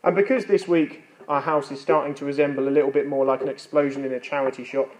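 A man's voice: mid-range voice, steady tone, fast, background noise. A man preaching a sermon in an earnest, conversational way, with light self-deprecating humor.

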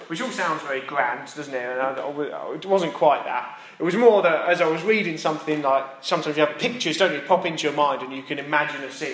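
Guy preaching, chatty and jokey, slightly high voice, echoey church. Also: a bit bright. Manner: chatty, self-deprecating, builds to emphatic repetition. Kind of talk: sermon. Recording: roomy echo.

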